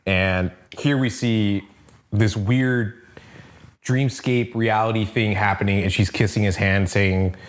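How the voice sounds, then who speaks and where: Low-voiced, laid-back man co-hosting. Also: fairly even intonation, slow. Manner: laid-back, profane, laughs while telling stories. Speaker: podcast co-host. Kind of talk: casual comic book review chat.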